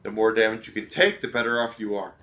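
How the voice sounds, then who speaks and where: A man with a voice on the low side and a fairly bright tone talks fast while streaming a video game. His casual gameplay commentary is full of rambling, opinionated advice and lots of fillers.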